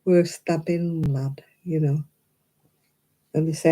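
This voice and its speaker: Chatty older Oldham woman, dark-toned. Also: low voice, steady tone, a little slow. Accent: Oldham, Lancashire. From Oldham, England. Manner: chatty, opinionated, laughs often. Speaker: crochet livestream host. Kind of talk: casual chat with live viewers. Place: home, crafting at a table.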